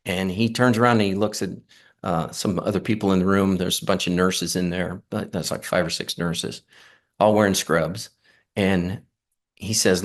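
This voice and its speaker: A middle-aged man telling his story in an earnest, halting way, with many fillers and restarts. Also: sits low, gravelly. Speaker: near-death experience guest. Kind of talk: casual storytelling.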